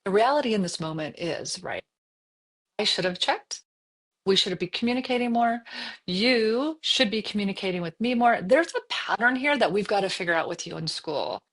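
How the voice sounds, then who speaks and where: Husky woman in her fifties, animated. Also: mid-range voice, normal speed. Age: 50s. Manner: animated, acts out her own inner voice. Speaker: podcast co-host. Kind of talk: casual storytelling chat.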